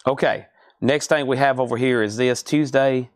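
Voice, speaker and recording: A man's voice: mid-range voice, fairly even intonation, moderate pace, no room sound, clean studio sound. A man running a live record auction stream, rattling off prices and bidder names with chatty asides to viewers.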